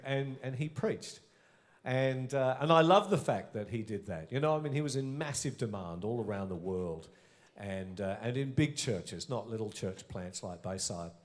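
A middle-aged Australian man, a pastor, telling earnest, reflective stories in an interview. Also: medium pitch. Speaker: senior pastor. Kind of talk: reminiscing in an onstage interview.

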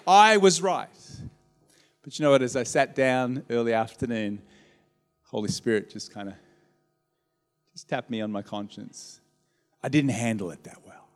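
A man preaching a sermon as pastor, telling stories with lively swings and calling out to his congregation. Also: medium pitch. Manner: animated storytelling with audience call-outs. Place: church auditorium. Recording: long hall reverb.

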